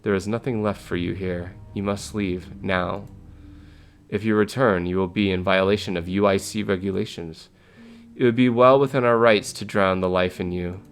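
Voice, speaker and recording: A man's voice: deep voice, fairly even intonation, moderate pace, clear, resonant tone. A man reading out the lines of a menacing female alien squid envoy in a game, in a formal, threatening tone. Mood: cold threatening.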